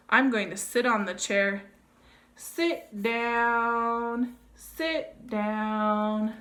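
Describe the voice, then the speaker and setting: A woman demonstrates how to read a picture book with a toddler. She speaks very slowly, in a bright, slightly high sing-song, with gasps of delight and playful sounds. Between pages she turns to the parents with simple tips. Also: steady tone. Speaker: early childhood educator. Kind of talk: reading a board book aloud to toddlers.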